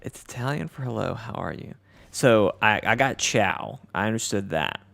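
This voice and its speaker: A man's voice: fairly low pitch, expressive, moderate pace, creaky, a bit bright. A man with a Southern US accent hosting a casual gameplay livestream, reading chat aloud in an easygoing, self-deprecating way. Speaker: livestream host.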